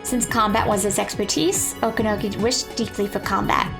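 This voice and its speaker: A woman's voice: medium pitch, steady tone, normal speed, gravelly, music in the background. A woman reading a visual novel aloud, with playful joking asides to her listeners.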